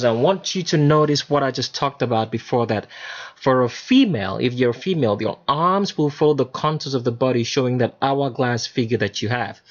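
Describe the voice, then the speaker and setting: A man's voice: medium pitch, muffled recording. A man hosting his own channel, talking emphatically in a solo monologue over pictures, with many fillers and restarts. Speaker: channel host.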